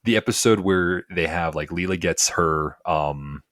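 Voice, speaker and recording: Deep-voiced man in casual chat. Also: measured pace, fairly bright tone, dry recording, clean studio sound. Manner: rambling, hedging with fillers. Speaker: podcast co-host.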